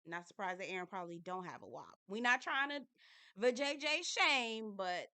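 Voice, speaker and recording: A woman's voice: medium pitch, very animated, moderate pace, bright, forceful tone, no room sound. A woman recapping a reality show in a casual, candid and chatty way, swearing now and then.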